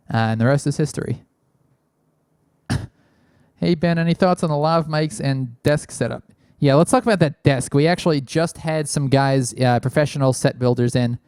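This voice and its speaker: A man's voice: mid-range voice, darkish tone, smooth, dry recording. A man hosting a casual call-in show, talking loosely with lots of fillers, close on a large studio microphone in a small studio. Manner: rambling, many fillers. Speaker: podcast host. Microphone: large studio mic, spoken into closely.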